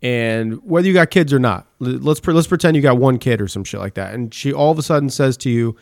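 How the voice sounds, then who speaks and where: A man's voice: medium pitch, expressive, fairly quick, hardly any pauses, a little mellow, dry recording, studio quality. A man hosting a casual group chat, profane and stammering as he poses hypothetical questions to the group. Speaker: podcast host.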